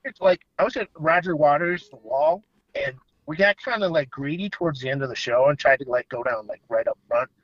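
A man's voice: on the high side, fairly quick, no room sound, highs cut off. A man talking as a podcast guest, rambling loosely with lots of "you know" and "like.". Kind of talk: casual chat.

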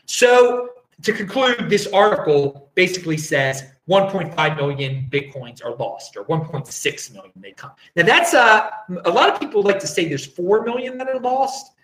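A man's voice: high-pitched, big pitch swings, normal speed, hardly any pauses, fairly bright tone, roomy sound, rough recording. A man hosting a casual livestream, reading viewer comments and rambling, often chuckling and breaking off mid-sentence. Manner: rambling, chuckling, self-interrupting. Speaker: livestream host.

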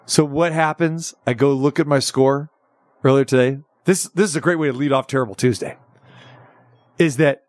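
A man hosting a sports talk radio show, telling stories in an animated, excitable way with stammered restarts. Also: fairly high pitch, normal speed, dry recording, studio quality.

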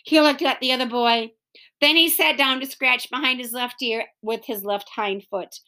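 Bright, expressive woman reading a storybook. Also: high voice, moderate pace. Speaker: reader. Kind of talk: reading a children's chapter book aloud.

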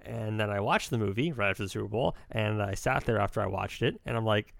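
Young male podcast co-host; quick, rambling, opinionated delivery in a dry, close sound. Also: lowish voice, creaky, no room sound. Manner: rambling, self-correcting, opinionated. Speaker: podcast co-host reviewing films. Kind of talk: casual chat.

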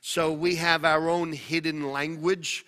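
A man's voice: fairly high pitch, level tone, slow, bright, forceful tone. A man from New York, a pastor, telling a jokey story from the pulpit before introducing a guest. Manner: jokey, anecdotal. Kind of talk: church announcement and storytelling.

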